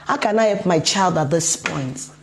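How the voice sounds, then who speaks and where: A woman's voice: on the low side, animated, moderate pace, vocal fry. A woman coaching parents in a motivational talk, emphatic and full of rhetorical questions.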